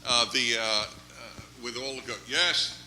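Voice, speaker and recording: A man giving a humorous lecture as guest speaker, telling jokes in an animated way. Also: medium pitch, a little slow, a crowd in the background. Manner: joking storyteller, animated. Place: large hall with audience. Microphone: microphone, later unamplified. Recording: echoey hall with background noise.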